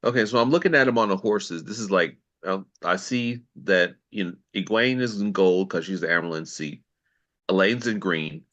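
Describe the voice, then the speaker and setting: A man co-hosting a podcast, chatting casually about a TV episode and asking questions as he thinks out loud. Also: deep voice, moderate pace, dull audio. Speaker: podcast co-host. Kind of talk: casual show discussion.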